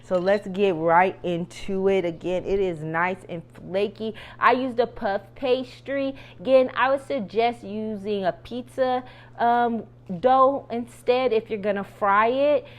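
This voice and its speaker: This cooking show host speaks to her vlog audience at a measured pace, her medium-pitched voice fairly even in intonation. She keeps up a chatty commentary while frying food and tasting it.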